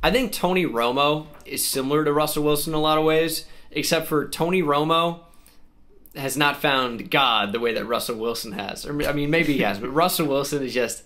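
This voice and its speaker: A man's voice: on the high side, normal speed, fairly bright tone. A young man giving rambling, joking, self-mocking commentary while playing a football video game. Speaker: gaming YouTuber. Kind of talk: casual gameplay commentary.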